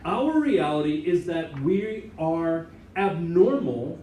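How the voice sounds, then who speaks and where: An American man, a Catholic priest and chaplain, giving an informal talk to a student group and telling stories with lively asides. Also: on the high side, slow pace, a little hiss or hum. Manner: animated storytelling with many asides and laughs. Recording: echoey room, mic at a distance.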